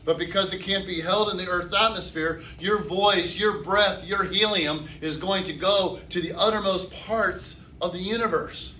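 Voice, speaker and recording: A man's voice: high voice, fairly even intonation, normal speed, hardly any pauses, sharp tone, slight background noise. A man teaching chemistry to a classroom, asking the class questions and answering them himself. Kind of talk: classroom lecture. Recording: echoey classroom from far off.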